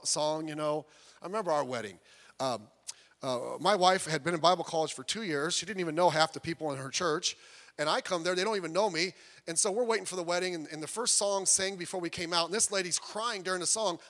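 High-voiced bright male preacher. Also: big-room sound. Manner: animated storytelling with jokes, rising to loud emphasis. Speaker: pastor. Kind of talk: sermon.

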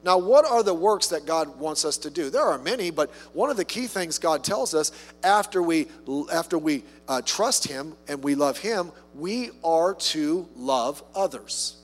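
Male preacher, high and very animated, talks to the room with quick asides; reverberant hall. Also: faint music behind. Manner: conversational, with rhetorical questions and humorous asides. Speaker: pastor. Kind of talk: sermon.

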